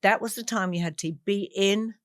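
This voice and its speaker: A woman in her sixties from England, a guest talking over memories, with an animated storytelling manner and frequent laughs. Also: mid-range voice, normal speed, no room sound, studio quality. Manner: warm storyteller, laughs often, animated asides. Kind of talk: reflective conversation.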